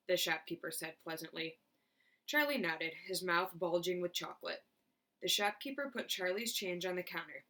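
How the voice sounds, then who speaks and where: A woman teacher reading a children's chapter book aloud with clear, expressive narration. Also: on the low side, moderate pace. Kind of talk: storybook read-aloud.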